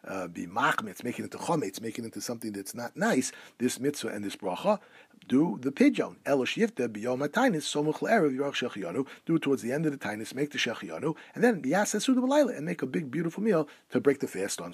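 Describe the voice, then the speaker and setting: A man teaching a halacha lesson, reading Hebrew texts quickly and explaining them in English. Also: mid-range voice, slightly rough, dry recording. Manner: quick, lively delivery, switching between Hebrew terms and English explanation. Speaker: Torah teacher.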